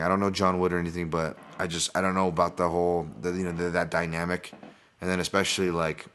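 A man's voice: low-pitched, fairly bright tone. A man hosting a casual solo podcast, talking candidly through his fight picks with lots of restarts and asides to listeners. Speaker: podcast host and fight analyst.

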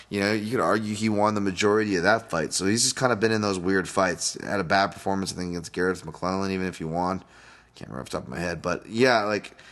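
A deep-voiced man talks casually into the mic, hosting his own podcast. He rambles from point to point, drops curses freely and chuckles at his own jokes. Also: fairly bright tone. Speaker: podcast host and fight analyst. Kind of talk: casual solo podcast breakdown.

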